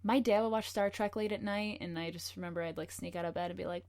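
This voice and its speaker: A woman chatting as a podcast guest from home, talkative and quick to laugh. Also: lowish voice, steady tone, darkish tone. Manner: chatty, laughs often, many fillers. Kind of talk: casual chat. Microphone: home recording.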